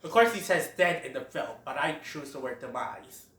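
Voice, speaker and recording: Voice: medium pitch, animated, moderate pace, a bit bright. A film reviewer recapping scenes in a casual way, often breaking into laughter. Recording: roomy sound, far from the mic.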